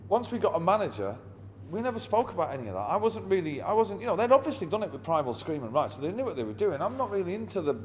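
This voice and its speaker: A man's voice: high-pitched, sing-song, fast, few pauses. A middle-aged man, a musician telling anecdotes in an interview in a blunt, wry, heavily swearing manner. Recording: long reverb with faint ambient noise.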